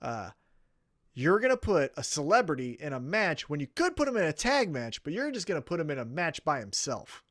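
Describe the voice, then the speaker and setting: A man co-hosting a wrestling podcast, chatting casually in a fairly high, lively voice that swings widely in pitch. He swears freely and keeps slipping into mock voices to act out quotes. The sound is dry and close. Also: fairly quick, no echo. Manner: animated, profane, acts out mock quotes.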